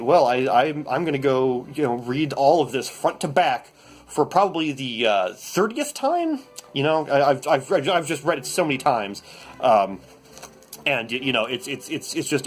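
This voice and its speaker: A man hosting a comedy bit, reading a novel aloud in mock-serious deadpan, rambling and stammering through his asides. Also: medium pitch. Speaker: comedy host.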